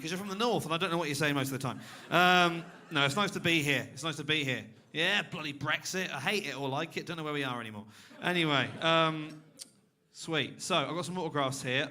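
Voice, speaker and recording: A man's voice: on the high side, bright, forceful tone. A young man doing a stand-up set on a club stage, dry and self-mocking, chatting with the crowd. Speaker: stand-up comedian. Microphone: handheld stage mic.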